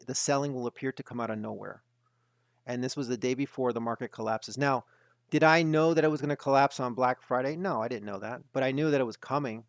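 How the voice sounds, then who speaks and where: A man gives market commentary in a webinar, insistent and emphatic, often repeating himself to press a point. His voice sits at an ordinary middle pitch and is recorded close and dry, with no room sound around it. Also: dry recording. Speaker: market analyst hosting a webinar.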